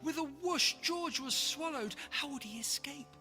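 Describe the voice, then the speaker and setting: An author reading their own rhyming picture book aloud in a lively, rhythmic way. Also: sits high, unhurried. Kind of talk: rhyming storybook read-aloud. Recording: long reverb, faint music behind.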